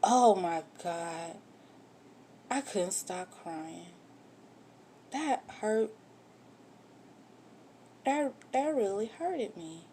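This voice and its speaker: A woman's voice: medium pitch, animated, drawn-out words, pauses often, mellow, slight background noise. A woman candidly telling a personal story in a vlog, getting emotional and swearing when upset. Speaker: vlogger telling her own story.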